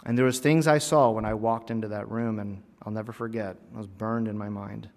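A man preaching a personal sermon in a church, earnest, rising to emphatic lines and dropping to hushed, heavy phrases. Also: fairly low pitch, fairly even intonation, a little fast. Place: church sanctuary. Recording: long reverb of a church hall.

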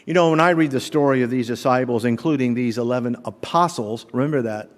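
Preaching pastor in a reverberant hall. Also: male voice, medium pitch, quick pace. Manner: animated preaching, rhetorical questions to the congregation. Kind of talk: sermon. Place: church sanctuary. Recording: long reverb of a large hall.

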